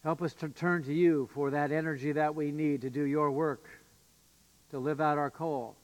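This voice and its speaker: A man's voice: a little high, fairly even intonation, moderate pace. A male pastor giving an earnest, emphatic sermon with occasional fillers and restarts. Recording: long reverb of a church hall.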